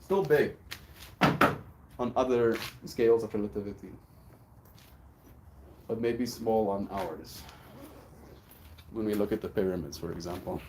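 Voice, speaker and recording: A young man chatting casually on his daily livestream, musing and reading encouraging lines aloud slowly. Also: fairly low pitch, slight background noise. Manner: relaxed, musing, reads affirmations aloud slowly. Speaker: daily streamer.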